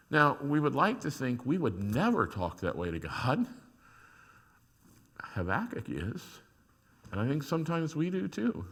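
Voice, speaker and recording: A man preaching a sermon as a pastor, shifting from quiet reflection to loud emphasis. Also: on the high side, huge pitch swings, measured pace, long pauses, breathy edge. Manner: acts out prayers and complaints to God in dramatic voices.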